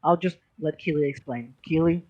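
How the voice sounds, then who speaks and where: A man's voice: fairly high pitch, moderate pace, no room sound, dull audio, close to an everyday voice. A man voicing a stern noble knight who heads a great house, speaking in a curt, commanding way.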